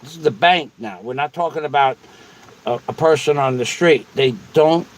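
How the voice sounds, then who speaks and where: A man's voice: fairly high pitch, normal speed, rough recording. A man hosting a casual livestream, rambling and repeating himself as he answers viewers. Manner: rambling and repetitive. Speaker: livestream host.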